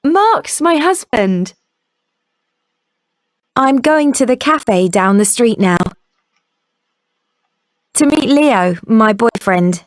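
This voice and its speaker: A woman acting a friendly young woman in a coursebook listening dialogue, speaking clearly and carefully. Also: fairly high pitch, animated, extremely slow, pauses often, no room sound, studio quality.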